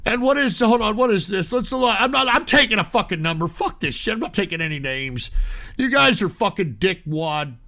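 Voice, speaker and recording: High, gravelly man ranting angrily. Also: lively intonation, moderate pace, bright, forceful tone. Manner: angry, profane, ranting at chat. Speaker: call-in show host. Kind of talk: ranting live call-in show.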